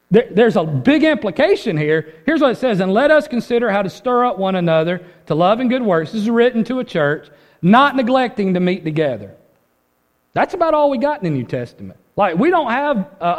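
A man preaching a sermon as pastor, urgent and conversational, dropping low then rising with force. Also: in a large hall. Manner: urgent, conversational preaching with dramatic drops and rises.

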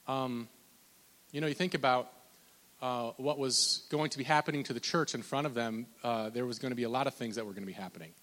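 A man, likely in his thirties, preaching a conversational sermon with lots of restarts and fillers, loud on his points and slow on scripture. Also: mid-range voice, big-room sound. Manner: animated, pushes loud on emphasis, drawn-out slow scripture quotes. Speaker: pastor.

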